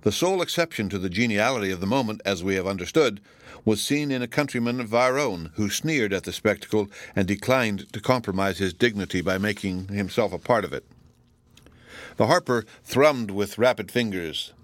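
A man narrating a classic novel in a measured, formal audiobook reading. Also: lowish voice, lively intonation, no echo, studio quality.

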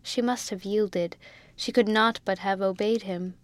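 A woman narrating a classic novel in a measured, expressive audiobook reading. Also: medium pitch, no echo. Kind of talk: scripted narration.

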